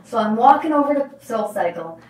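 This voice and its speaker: A woman who works as a life coach, telling a motivational story in an emphatic, animated way. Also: fairly high pitch, fairly quick, slight background noise. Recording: roomy, distant mic.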